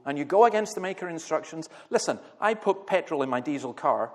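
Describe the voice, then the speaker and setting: A man's voice: on the high side, expressive, fairly quick. A middle-aged Scottish man, a minister giving a blunt, passionate talk to a church gathering, with wry humour and stories. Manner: passionate, blunt, humorous storytelling.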